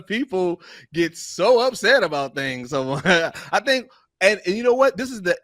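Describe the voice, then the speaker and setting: A man's voice: high voice, sing-song, takes it slowly, pushed and bright, dry recording, studio quality. A man co-hosting a podcast, telling stories in a rambling, laughing way with many fillers. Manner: rambling storyteller, laughs often. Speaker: podcast co-host and voiceover artist. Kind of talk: casual podcast chat.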